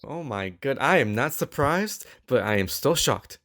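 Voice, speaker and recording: A man co-hosting a podcast in casual chat, animated and stammering with quick asides. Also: medium pitch. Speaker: podcast co-host.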